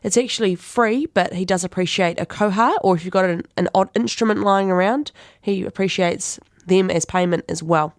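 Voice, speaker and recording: A woman's voice: mid-range voice, normal speed, no echo, studio quality. A woman with a New Zealand accent hosting a community radio show, chatting casually through local events with plenty of fillers and self-corrections. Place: radio studio.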